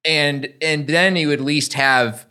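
A man's voice: fairly high pitch, fairly even intonation, slow, bright, forceful tone, clean tone. A man co-hosting a casual podcast chat, talking easily and saying "y'all". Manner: chatty, uses "y'all". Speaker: podcast co-host.

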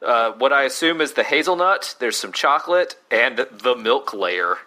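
A man co-hosting a casual snack-review chat, with a bright voice that moves up and down a lot. His delivery is dry and wry. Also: medium pitch, lively intonation, moderate pace. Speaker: podcast co-host.

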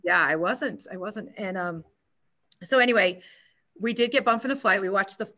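A woman yoga instructor telling a story in a casual interview, chatty and animated with many restarts. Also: mid-range voice, normal speed.

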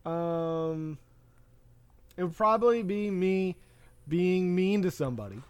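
A man's voice: high-pitched, animated, takes it slowly, smooth, dry recording. A man co-hosting a podcast, recapping a film in a loose, rambling way with plenty of fillers. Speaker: podcast co-host. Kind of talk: casual movie chat.

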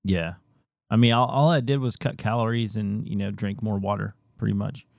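A man with a low, gravelly voice co-hosts a relaxed podcast. He jokes around easily in a casual tone. His voice sounds dry and close to the mic. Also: moderate pace, no echo. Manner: relaxed, joking, laughs easily. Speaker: podcast co-host, father of two. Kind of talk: casual chat.

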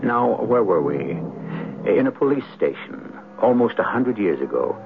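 A man hosting and narrating a radio drama in a measured, theatrical manner. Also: deep voice, vocal fry, a little hiss or hum. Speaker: host narrator. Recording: tinny old radio broadcast with music.

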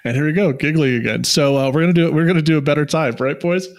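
A man's voice: a little high, very fast. A young man co-hosting a podcast, chatting casually and giggling between jokes. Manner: giggly, loose and joking. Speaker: podcast co-host. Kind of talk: casual chat.

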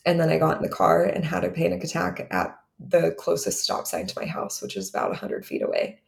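A woman in her thirties tells her own story on a podcast, candid and rambling, stringing thoughts together with "like." Her voice sits low and carries a strong gravelly fry throughout. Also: very animated, fairly quick. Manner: candid, run-on telling with many "like"s. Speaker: podcast co-host.

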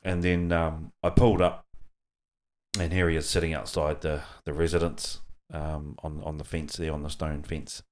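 A middle-aged man with a New Zealand accent, his voice sitting very low. He hosts a relaxed podcast chat, pausing on ums and breaking into laughs. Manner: relaxed, laughs often, hesitant with many ums. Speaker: podcast host. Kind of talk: casual chat.

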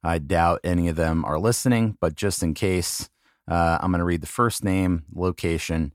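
A middle-aged man with a very low voice speaks in a casual solo monologue for his podcast. He is halting and apologetic, pokes fun at himself, and reads names out slowly one by one. The sound is close and dry, with no room echo at all. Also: fairly even intonation. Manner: halting, apologetic, self-deprecating. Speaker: podcast host.

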